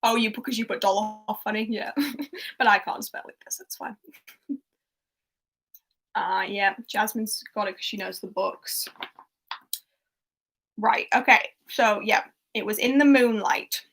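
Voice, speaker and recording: A woman's voice: mid-range voice, a little slow, long pauses, a bit bright. A woman hosting a livestreamed pub quiz in casual chat, giggling and reading out viewers' answers. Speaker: quiz host.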